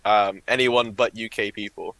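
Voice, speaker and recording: A British man co-hosting a trading livestream, chatting casually and joking with a quick laugh. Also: on the low side, fairly even intonation, vocal fry, a bit bright, no room sound, low-quality recording. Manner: laughs often, joking banter. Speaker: livestream co-host.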